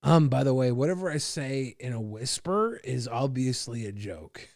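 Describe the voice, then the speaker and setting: A man's voice: mid-range voice, animated, moderate pace, gravelly, a little mellow, no room sound, studio quality. A drunk man hosting a casual livestream chat, rambling and trading crude insults with viewers. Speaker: streamer host.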